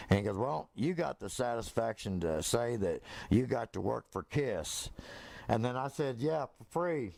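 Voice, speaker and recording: Rambling man with a gravelly low voice. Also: a little mellow, no echo. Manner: rambling, many fillers and restarts; acts out quoted voices. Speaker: storyteller. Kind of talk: casual personal storytelling.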